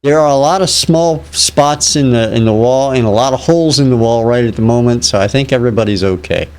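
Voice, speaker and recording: A man's voice: mid-range voice, a little fast, a little mellow, clear, resonant tone. A laid-back man from Illinois co-hosts a live online show. He jokes easily in a loose, casual way. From Illinois, United States. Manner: laid-back, joking, easygoing. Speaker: co-host.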